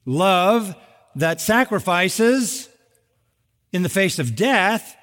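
A middle-aged man preaching a sermon, animated, with sarcastic asides and acted-out quotes. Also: high-pitched. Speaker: pastor. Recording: long hall reverb.

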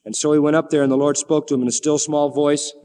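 A fairly high-voiced man preaches a sermon, retelling a scripture story with lively, animated delivery. He slips into the characters' pleading voices as he goes. His voice rings out with a long hall reverb around it. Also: quick pace, a little hiss or hum.

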